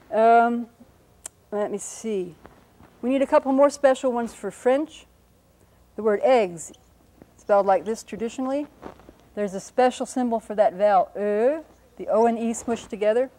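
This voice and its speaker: Mellow-voiced woman teaching phonetics. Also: fairly high pitch, rough recording. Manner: slow, careful demonstration of pronunciations. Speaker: linguist giving a talk. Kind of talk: explaining phonetic symbols.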